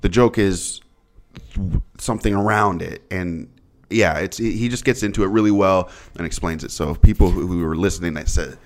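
Man, very deep voice, casual podcast chat, rambling, emphatic bursts. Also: normal speed. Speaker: podcast co-host.

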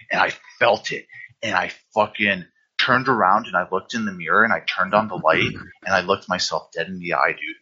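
A man's voice: sits low, pushed and bright, husky. A young man and podcast host telling a rambling, profane story in casual chat, often saying "dude". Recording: dull lo-fi recording.

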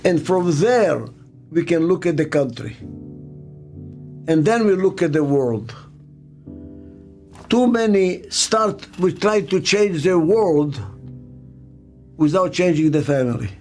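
A man's voice: fairly high pitch, expressive, takes it slowly, long pauses, darkish tone, faint music behind. An older man giving a motivational talk as speaker and author, emphatic and fond of repeating his key phrases.

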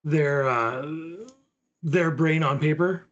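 A podcast co-host with a voice on the high side and a bit bright speaks slowly, easygoing as he walks listeners step by step through tabletop gaming material. The audio sounds dull.

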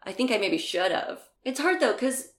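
A woman's voice: a little high, big pitch swings, normal speed, fairly bright tone. A young woman telling a story in casual conversation, laughing often and acting out the dialogue. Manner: chatty, laughs often, acts out quoted dialogue. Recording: roomy echo.

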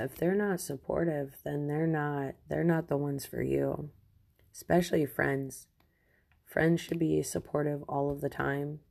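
A woman's voice: low-pitched, gravelly, darkish tone. A young woman hosting a podcast from home, giving frank and rambling advice with frequent laughs. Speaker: podcast host.

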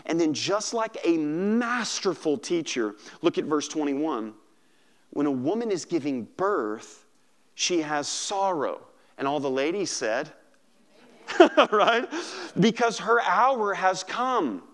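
Lively conversational male pastor preaching. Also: fairly high pitch, slow. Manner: animated, conversational, often asks "right?"; acts out scripture voices, shifts between loud emphasis and soft quiet passages. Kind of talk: sermon.

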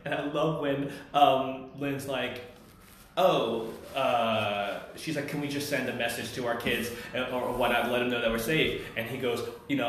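A man's voice: mid-range voice, a bit bright, slight background noise. A man co-hosting a casual podcast, recapping a TV episode in a rambling way and acting out the characters' lines. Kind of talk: casual chat. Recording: very echoey room.

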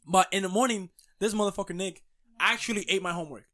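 A young man telling a story in casual chat, animated and profane, often laughing. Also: high-pitched, fast talker.

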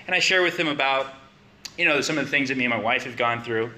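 Bright-voiced man preaching a sermon. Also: medium pitch, quick pace. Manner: conversational, rising to emphatic questions.

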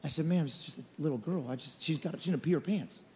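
Passionate high-voiced pastor in a hall. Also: male voice, fast, slight background noise. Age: 40s. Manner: passionate, building to shouts then dropping to a quiet storytelling tone. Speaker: lead pastor. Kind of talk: sermon. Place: church auditorium. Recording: church hall reverb.

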